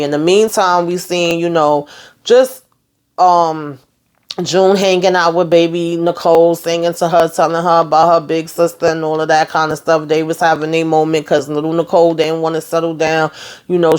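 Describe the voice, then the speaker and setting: A woman's voice: deep voice, clean tone. A woman hosting a casual TV episode recap, sassy and colloquial, talking back to the characters. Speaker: TV recap host.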